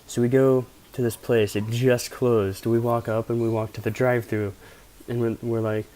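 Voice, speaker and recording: A man's voice: mid-range voice, level tone, moderate pace, mellow. A young man from Pennsylvania casually telling rambling, profane stories as a vlogger. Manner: rambling, profane, laid-back anecdotes. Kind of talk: casual storytelling.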